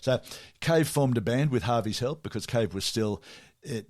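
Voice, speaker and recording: A man's voice: medium pitch, animated, moderate pace, darkish tone. A man hosting a music show, chatting casually and jokily with lots of restarts. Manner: jokey, rambling, many restarts. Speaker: radio music show host. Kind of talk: casual chat.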